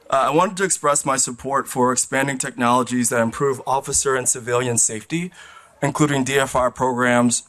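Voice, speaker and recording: A man's voice: medium pitch, a bit bright. Man reading a formal prepared comment. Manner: measured, formal, reads from notes. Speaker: public commenter. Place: public meeting chamber.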